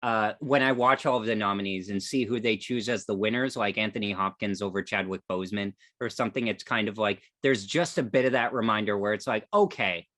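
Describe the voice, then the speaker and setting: A man's voice: fairly low pitch, brisk, few pauses, fairly bright tone, dry recording, clean studio sound. A man co-hosting a casual podcast chat, rambling and hedging with lots of "like" and "um". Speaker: podcast co-host.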